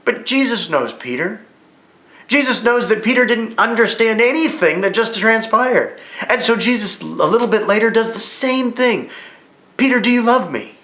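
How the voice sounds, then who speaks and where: Man teaching a lively Bible lesson. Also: high voice, normal speed. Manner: vivid retelling, rising excitedly at key moments. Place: church room. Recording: echoey room.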